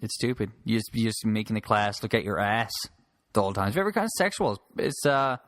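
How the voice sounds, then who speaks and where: A man's voice: fairly low pitch, brisk, a bit bright, no room sound. A man hosting a solo podcast, rambling casually, restarting sentences and swearing freely into a close handheld mic. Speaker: podcast host. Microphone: handheld mic held close.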